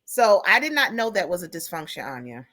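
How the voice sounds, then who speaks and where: Bright-voiced woman, animated podcast chat. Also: on the low side, fairly quick. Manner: animated storytelling, acts out callers. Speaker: podcast co-host. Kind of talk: casual chat.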